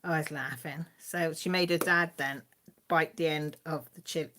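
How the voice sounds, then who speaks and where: A middle-aged woman chats casually on a live stream. She rambles through family stories, full of fillers, laughs and playful voices for her relatives. Her voice sits a little on the low side. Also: fairly even intonation, moderate pace, bright, forceful tone, a little hiss or hum. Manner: rambling, chatty storytelling with frequent fillers. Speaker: channel host.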